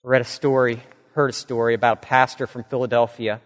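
A man preaching a sermon, telling a story with lively acted-out voices, dropping low and quiet for solemn points. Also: quick pace. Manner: animated storyteller, acts out quoted voices, drops low and soft for solemn points. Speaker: pastor. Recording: long hall reverb.

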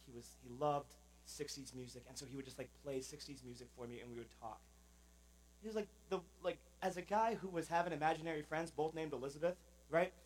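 A man's voice: a little high, slight background noise, low-quality recording. A man, a pastor, giving a sermon in a conversational, informal manner with many fillers.

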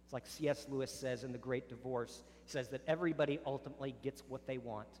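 A man preaching a sermon as a pastor, earnest, dropping soft on solemn lines. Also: mid-range voice, steady tone, fast, big-room sound, slight background noise. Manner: earnest preaching, drops soft on solemn lines, rises sharply in acted arguments.

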